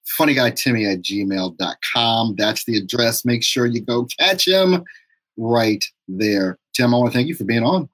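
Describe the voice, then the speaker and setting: A man hosting a casual live-stream interview, relaxed and laughing often. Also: mid-range voice, moderate pace. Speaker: show host.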